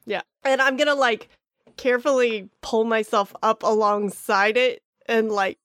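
A woman's voice: on the high side, steady tone, a little slow, fairly bright tone, no echo, studio quality. A woman playing a character in a tabletop game, joking and slangy. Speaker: player. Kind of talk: casual role-play as player.

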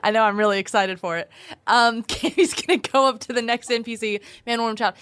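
A young woman playing a tabletop game, chatty and giggly, quick to jump in with her character's lines. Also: on the high side, a bit bright, smooth. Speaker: player. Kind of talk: tabletop role-play chat.

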